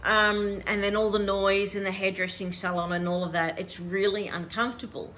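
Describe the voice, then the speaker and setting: A woman's voice: mid-range voice, flat delivery, moderate pace, a bit bright, slight background noise. A middle-aged woman, chatting casually as a vlog host and laughing often as she tells a story. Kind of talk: casual chat.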